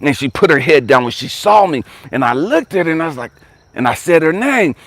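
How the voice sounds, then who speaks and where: A man with a slightly high, husky voice tells a personal story in a close, dry recording. He swings between excited high bursts and hushed, whispery lows. He keeps asking his listeners to stay with him. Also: brisk, dry recording. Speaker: life coach and motivational speaker.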